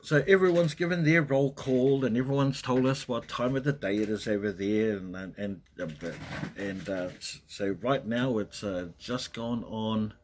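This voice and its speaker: A man's voice: fairly low pitch, normal speed, slight background noise. A man hosting a casual livestream, chatting in a rambling way and greeting viewers by name. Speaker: livestream host. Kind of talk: casual live chat. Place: at home in Western Australia.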